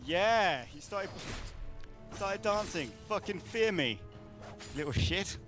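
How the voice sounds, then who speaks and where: A man's voice: sits high, animated, takes it slowly, over music. Joking man chatting while gaming. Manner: joking, teasing, swears. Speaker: co-player. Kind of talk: casual gameplay chat.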